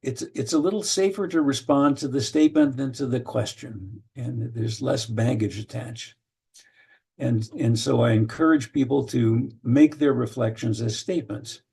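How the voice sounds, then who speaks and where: An older man teaching an online session in a mellow, gravelly voice. He explains at an unhurried pace, full of small fillers and restarts. The tone stays husky and relaxed throughout. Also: medium pitch. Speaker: lecturer. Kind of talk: online training lecture.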